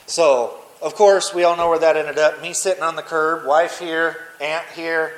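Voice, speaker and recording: Man, somewhat high voice, podcast guest, blunt and profane, candid personal storytelling. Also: little pitch movement, moderate pace, rough recording. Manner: blunt and profane, with frequent restarts.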